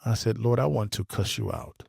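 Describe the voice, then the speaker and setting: Male guest, low register, earnest halting storyteller, dry close sound. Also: huge pitch swings, vocal fry, darkish tone, husky, no room sound. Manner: earnest, halting, repeats words. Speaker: interview guest. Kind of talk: emotional personal storytelling.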